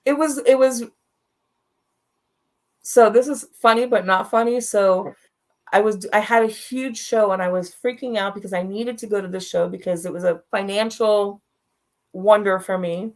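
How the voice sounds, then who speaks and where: A woman's voice: medium pitch, moderate pace. Frank, direct woman telling a story. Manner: frank and direct, laughs through hard moments. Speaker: guest sharing a personal story. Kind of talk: candid storytelling on a talk show.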